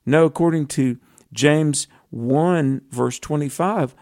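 A man's voice: a little high, slow pace, a little mellow, no room sound, clean studio sound. A man co-hosting a conversational Bible teaching, earnest and reflective, quoting scripture as he talks. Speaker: co-host.

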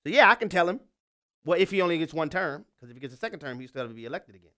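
Fired-up high-pitched man ranting. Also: sing-song, very fast, pushed and bright. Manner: fired-up, emphatic, repeats himself. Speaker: political commentator. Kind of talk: impassioned political monologue.

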